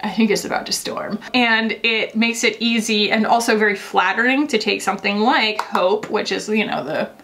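A beauty vlogger explains her steps while applying makeup in a casual tutorial, rambling chattily and saying "like" a lot. Her medium-pitched, fairly bright voice stays steady at a moderate pace with hardly any pauses, over slight background noise.

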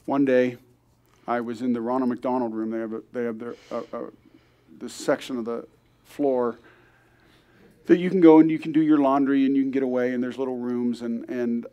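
A man's voice: medium pitch, fairly even intonation, moderate pace, lo-fi sound. Older man, grandfather, church testimony, earnest storytelling, acts out quoted voices. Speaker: guest speaker. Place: church service.

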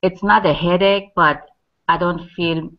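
A woman's voice: on the low side, fairly even intonation, unhurried. A woman calling into a webinar, hesitantly searching for words as she describes how she feels. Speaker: caller. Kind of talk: casual chat on a webinar. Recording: dull lo-fi webinar call.

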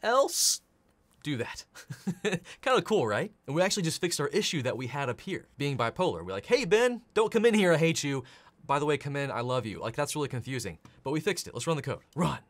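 An excitable man in his thirties walks through a coding lesson over a studio mic. His voice swoops all over in pitch, sitting at an everyday middle height, and he breaks into laughs and sudden playful yells. Keyboard clicks tap along behind him. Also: fast talker. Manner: enthusiastic, playful, laughs often, acts out yelled lines. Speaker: programming instructor. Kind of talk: energetic tutorial narration.

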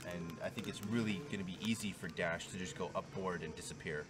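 A man with a low voice breaks down the game quickly and asks his co-hosts for their view. Music sits clearly behind him. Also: steady tone. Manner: analytical, asks the others questions. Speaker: co-commentator. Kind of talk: casual game commentary.

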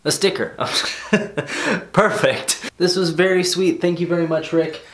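A young man vlogging as he opens fan mail at home, excitable, swearing casually and laughing often. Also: high voice, slow pace, echoey room. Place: bedroom at home.

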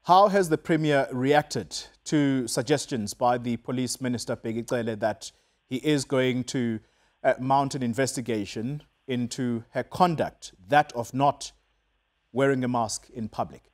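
A South African male news anchor with a pitch squarely in the middle for a man. He conducts a live TV interview in a pressing, skeptical manner, pushing for straight answers. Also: a little slow.

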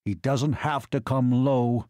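A man's voice: a little high, sing-song, moderate pace, darkish tone, dry recording, clean studio sound, voice pushed up. A man voicing an irritable older male cavalry marshal who barks and snarls his questions. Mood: gruff. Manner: barking, snarling, impatient.

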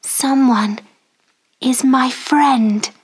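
Woman doing a soft-spoken gentle girl. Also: high-pitched, very slow, voice pushed up. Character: gentle kind young girl, hushed.

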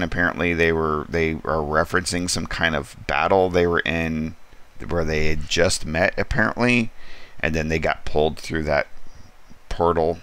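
A man hosting a casual comic book review, rambling through the plot with relaxed asides and frequent ums. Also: rumbling low, clean tone.

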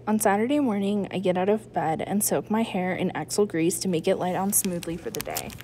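A woman, a school librarian, reading a chapter book aloud in a lively first-person narration with hushed asides. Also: medium pitch, brisk, a little hiss or hum.

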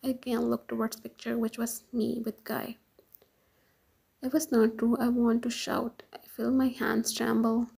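A woman reading a romance story aloud in first person, in a whispered role-play with a breathy, hushed voice. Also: on the high side, level tone, a little slow, poor audio. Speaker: fan fiction reader.

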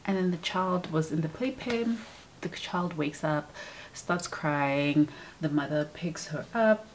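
A woman's voice: deep voice, slow pace, a little hiss or hum, rough recording. A young adult woman chatting casually as a vlogger, retelling a book's story with many fillers and acted-out lines. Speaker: book vlogger. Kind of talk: casual chat.

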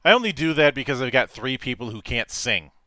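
A man hosts a relaxed interview, his voice bright and forceful with a smooth, crisp edge. The sound is dry and close. He jokes and tells little stories between his questions. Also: medium pitch, brisk, no echo. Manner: joking, storytelling. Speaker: interview host, game master. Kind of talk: casual interview chat.

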